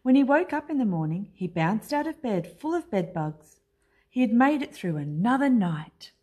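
A woman teacher reading a children's picture book aloud in an expressive, unhurried way. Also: fairly high pitch, slightly rough. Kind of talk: storybook read-aloud.

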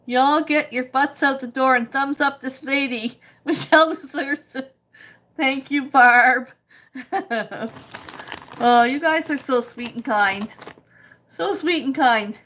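Slow-talking, high-voiced woman livestream host. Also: a bit bright, slight background noise. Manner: chatty, laughs often, reads comments aloud. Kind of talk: casual livestream chat reading viewer comments.

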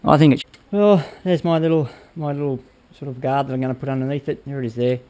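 A man's voice: mid-range voice, fairly even intonation, fast talker, mellow. A man casually talking viewers through a motorbike build in his workshop, rambling and checking in with "all right?" as he goes. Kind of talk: casual workshop how-to talk.

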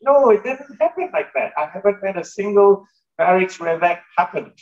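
A man's voice: sits high, lively intonation, normal speed, muffled recording. A male pastor giving a sermon in a conversational way, turning to the congregation with asides and questions. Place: church hall.

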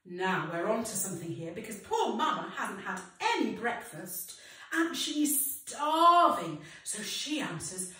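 A woman leading a children's singing session, explaining in a lively way between sung lines. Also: medium pitch, normal speed, hardly any pauses, recorded from a distance. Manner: expressive, alternating spoken instructions with sung lines. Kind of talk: leading a children's sing-along. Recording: echoey room, voice slightly off-mic.

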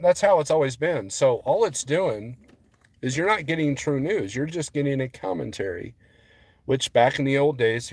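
A man's voice: mid-range voice, darkish tone, dry recording. A man vlogging as a trucker, rambling casually to his viewers and getting worked up as he talks. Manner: rambling, restarts often, gets heated.

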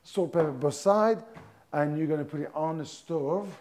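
Chef guy cooking live, chatty, keeps restarting mid-sentence, voice on the higher side. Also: darkish tone. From France. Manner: chatty, halting restarts, explains step by step.

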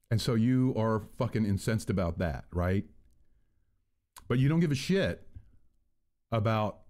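A man ranting into an earbud mic on his own channel, rambling and swearing freely as he goes. His pitch rises and falls in a lively way, and he sounds exasperated throughout. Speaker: channel host. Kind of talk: casual vlog rant.

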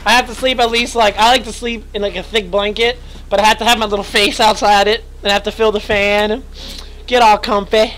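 Young male streamer, high bright voice going hoarse, chatty, yelps at scares, faint hum behind. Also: flat delivery, fairly quick, poor audio. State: losing his voice, stuffy nose. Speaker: streamer playing a horror game. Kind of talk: live gaming commentary.

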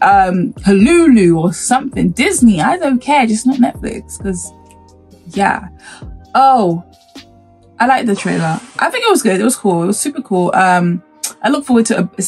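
A woman with a slightly husky, breathy tone reacts to a game trailer in a casual vlog. Her pitch swings widely with excited cries, but she speaks in an unhurried way. Soft music plays faintly behind her. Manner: excitable, exclaiming and rambling. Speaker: gaming YouTuber.

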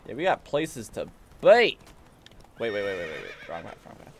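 A man streaming a video game, chatting casually and jokingly, even talking back to the characters. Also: on the low side, fast talker, a little hiss or hum. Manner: playful, jokey, talks to characters. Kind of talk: casual gameplay commentary. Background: game music.

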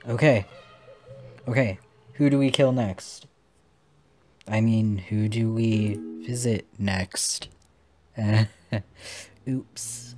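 A man's voice: mid-range voice, slow pace, long pauses, a little mellow. A man giving playful let's play commentary on a puzzle game, swearing casually and chatting to the characters on screen. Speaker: gamer playing a puzzle game.

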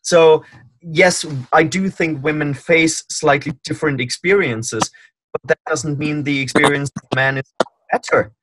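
A man who is not an English speaker, talking in an earnest, animated way, ranting during a casual panel discussion. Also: fairly high pitch, unhurried, very noisy. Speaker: panel guest.

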